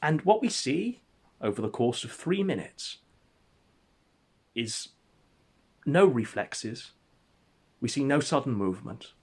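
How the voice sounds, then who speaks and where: A man telling an absurd story as comedic narration, in a deadpan, mock-epic way. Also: medium pitch, slow, long pauses, husky.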